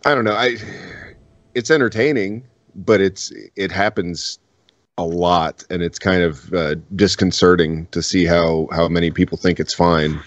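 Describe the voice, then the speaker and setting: A man's voice: low-pitched, measured pace, no echo, lo-fi sound. A man co-hosting a podcast, chatting casually with frequent swearing and restarts. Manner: profane, rambling, lots of restarts. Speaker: podcast co-host. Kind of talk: casual chat.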